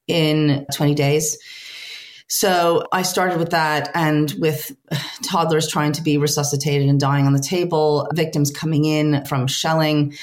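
Low-voiced woman, earnest translator guest. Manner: earnest, searching for words with many pauses. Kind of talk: reflective interview talk.

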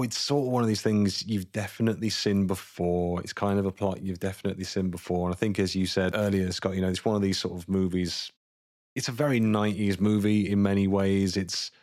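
Deep-voiced man rambling through film chat. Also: brisk, a little mellow, dry recording, clean studio sound. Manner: rambling, filler-heavy, joking. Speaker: podcast co-host. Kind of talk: casual film podcast chat.

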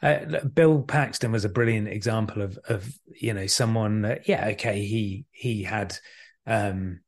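A man's voice: fairly low pitch, unhurried. A man in his thirties, a podcast guest, talking reflectively and telling anecdotes with many restarts. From England. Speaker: podcast guest, actor and director. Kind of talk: conversational storytelling.

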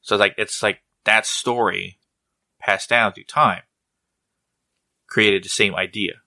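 A man with a low but bright, forward voice chats loosely on a podcast. He rambles, restarts his sentences and cracks jokes, recorded dry and close. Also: fairly even intonation, takes it slowly, gravelly, no echo. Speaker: podcast co-host. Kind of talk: casual chat.

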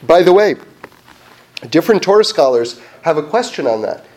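A man with a fairly high voice leads an informal Torah class. He speaks in an animated, chatty way, restarting sentences and sprinkling in fillers as he talks through a question. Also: normal speed. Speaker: Torah teacher.

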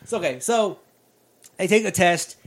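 A man co-hosting a podcast, casually recapping a movie and acting out characters' lines in loud voices. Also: sits high, normal speed. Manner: animated, acts out lines in shouted voices. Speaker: podcast co-host.

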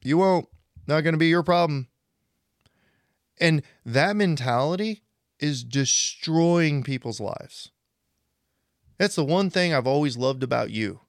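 This forties-aged co-host speaks unhurriedly, with long pauses, in a fairly high pitch. He keeps the podcast talk casual and animated, performing the voices of those he quotes, and the studio sound is clean with no room tone.

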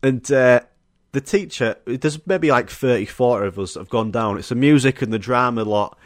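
Young Yorkshire man, solo podcast host, mid-pitched, dry close sound, chatty storyteller who laughs a lot. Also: moderate pace, dry recording. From Yorkshire, England. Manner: laughs often, swears, acts out quotes.

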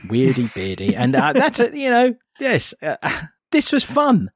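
A man's voice: on the high side, unhurried, no room sound. A man hosts a casual football chat, his voice leaping up and down as he wanders off into asides. He talks in a bouncy, laughing way. The sound is close and dry, with no room around it. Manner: animated, laughing, rambling asides. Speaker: podcast host.

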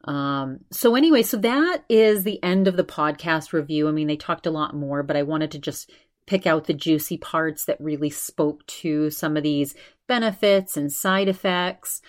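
A woman's voice: deep voice, normal speed. A woman hosting her own podcast, talking casually and retelling a conversation with loose, chatty asides. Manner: loose, with fillers and restarts. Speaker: podcast host.

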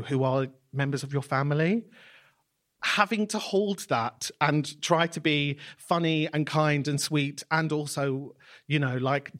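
A man hosting a live podcast, effusive and reflective. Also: on the high side. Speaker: podcast host.

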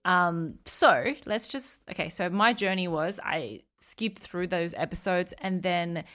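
A young woman co-hosting a casual podcast chat, talking in an animated, chatty way and acting out quotes as she retells a story. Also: lowish voice, a little slow. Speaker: podcast co-host.

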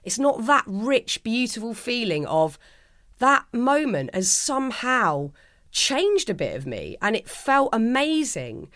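A woman's voice: fairly high pitch, sing-song, slow pace, fairly bright tone, no echo, clean studio sound. A middle-aged woman, a guest in an interview, speaking in a heartfelt, earnest way, often restarting her sentences. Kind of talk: reflective interview conversation.

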